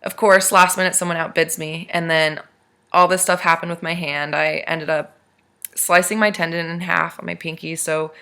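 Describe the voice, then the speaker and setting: A young woman vlogger casually retelling a strange dream to her camera, animated and rambling. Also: lowish voice, moderate pace, clear, resonant tone.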